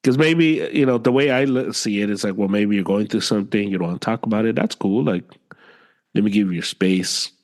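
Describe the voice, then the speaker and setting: A man co-hosting a casual podcast with a low-pitched voice. He talks loosely and conversationally, repeating phrases for emphasis and getting exasperated as he vents. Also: a little fast, a little mellow. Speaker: podcast co-host. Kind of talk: casual chat.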